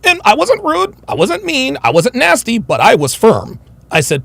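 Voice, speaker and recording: A man's voice: extremely high pitch, very animated, normal speed, creaky, a bit bright, dry recording. A man hosting a livestream, reading super chats and ranting bluntly with heavy swearing. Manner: blunt, combative, swears heavily. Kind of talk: profane livestream rant.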